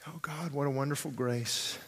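A male pastor preaching a sermon, swinging between hushed pleading and fervent shouting and repeating phrases for emphasis. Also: medium pitch, moderate pace, husky, big-room sound. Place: church sanctuary.

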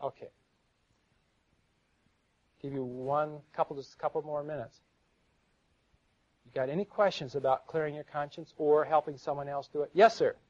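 A man's voice: a little high, fairly even intonation, normal speed, pauses often, darkish tone. Earnest middle-aged man teaching on a dull lo-fi tape. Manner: earnest, storytelling, repeats words when stuck. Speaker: seminar speaker. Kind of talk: live sermon-style teaching with audience questions. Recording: dull lo-fi live recording.

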